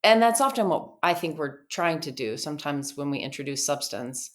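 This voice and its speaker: A woman guest on a podcast, a clinical officer at a treatment center, telling lively stories and acting out quoted dialogue. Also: sits low, normal speed. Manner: lively storyteller who acts out quoted dialogue. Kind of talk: podcast conversation, storytelling.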